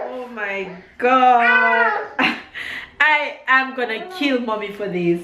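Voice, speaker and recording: A woman, a mother, telling a story to her camera at home in a chatty, rambling, excitable way. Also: high voice, takes it slowly. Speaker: vlogger, mother. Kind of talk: casual vlog storytelling. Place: at home, indoors. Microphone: handheld camera. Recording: echoey room, faint background noise.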